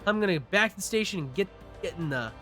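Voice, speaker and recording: A man riffs on the game as he plays, cracking jokes and swearing when excited. His voice is bright and fairly high, with a lively, bouncing delivery. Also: fast talker, soft background music. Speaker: streamer playing a game. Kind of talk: casual gameplay commentary.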